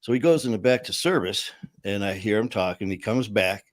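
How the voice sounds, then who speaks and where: A man's voice: lowish voice, animated, brisk, dry recording. A man hosting a casual talk, telling a story with lots of fillers, laughs and acted-out quotes. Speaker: show host.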